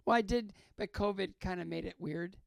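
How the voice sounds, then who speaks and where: An older man, a guest in an interview, talking earnestly about faith, halting and repeating his phrases. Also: high-pitched, vocal fry, dry recording, studio quality. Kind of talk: reflective faith talk in an interview.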